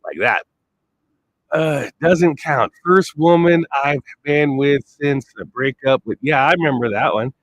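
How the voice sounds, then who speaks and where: A man's voice: mid-range voice, measured pace, a little hiss or hum, poor audio. A man rambling through a blunt, profane monologue, swearing constantly and trailing off before picking his thread back up. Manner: wandering, trails off and restarts.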